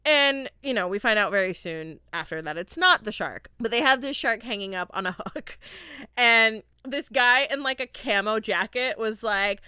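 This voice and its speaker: A woman's voice: fairly high pitch, moderate pace, pushed and bright, clean tone, dry recording, studio quality. A young woman from Florida hosting a solo podcast movie review, chatty and often laughing as she acts out quotes. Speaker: podcast host.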